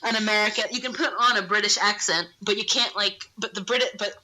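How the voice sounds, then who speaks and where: A woman's voice: medium pitch, steady tone, a little fast, bright, forceful tone, poor audio. A woman co-hosting a podcast in casual chat, rambling, using lots of "like," and laughing often. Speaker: podcast co-host.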